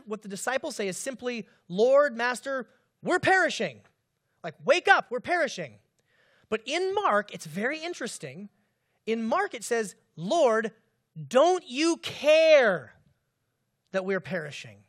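Lively preacher man with animated delivery. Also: high-pitched. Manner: animated, dramatizes the disciples' cries, asks the congregation questions. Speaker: pastor. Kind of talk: sermon.

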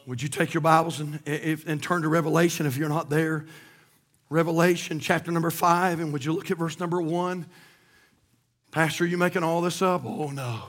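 A male pastor with a fairly high voice preaches a sermon, shifting from hushed, emotional storytelling to loud, shouted proclamation.

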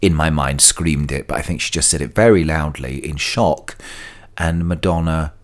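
A man's voice: very deep voice, moderate pace. A man telling stories on his solo podcast, chatty and prone to digressions and sidebars. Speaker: podcast host. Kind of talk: casual solo podcast storytelling.

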